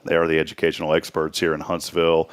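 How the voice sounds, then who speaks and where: A man's voice: very deep voice, completely flat delivery, clean tone. A man hosting a morning talk show in a casual, joking, rambling way. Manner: joking, rambling storyteller with quick asides. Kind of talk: casual chat.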